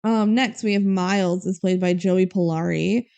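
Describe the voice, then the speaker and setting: Podcast co-host: young woman, chatty and laughing, with a smooth but gravelly voice. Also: lowish voice, fairly even intonation, normal speed, warm tone. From Minnesota, USA. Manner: chatty, laughing, filler-heavy. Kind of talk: casual chat.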